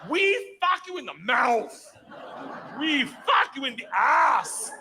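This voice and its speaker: A man playing a brash, crude Russian gangster who shouts his lines. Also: very high voice, big pitch swings, takes it slowly, a little hiss or hum, pitched above the performer's own voice, heavily acted. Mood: aggressive.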